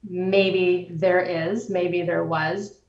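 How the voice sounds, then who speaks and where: A woman guest explaining the nervous system in a measured way, using everyday examples. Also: fairly low pitch, little pitch movement, darkish tone. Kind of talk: explanatory conversation. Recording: roomy, distant, dull-sounding recording.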